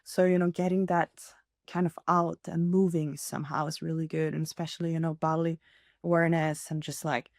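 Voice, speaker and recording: A woman's voice: deep voice, completely flat delivery, brisk, darkish tone, no room sound. Encouraging woman podcaster, dry close sound. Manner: earnest, encouraging, laughs often, many fillers. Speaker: podcast host. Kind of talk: casual solo podcast talk.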